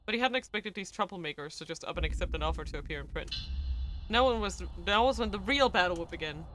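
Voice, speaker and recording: A woman streamer reading a visual novel aloud, narrating in a lower voice and stopping to comment. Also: lively intonation, fast, sharp tone, slight background noise.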